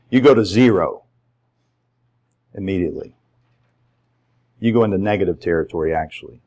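A middle-aged pastor preaches a sermon in a low voice, building to emphatic, ringing peaks before dropping into quiet, intimate asides. The recording is rough.

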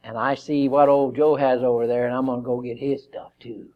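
A man's voice: medium pitch, a little fast, dull audio. A male preacher giving a sermon, joking with the congregation and acting out the verses he reads. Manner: lively, joking, acts out quotes.

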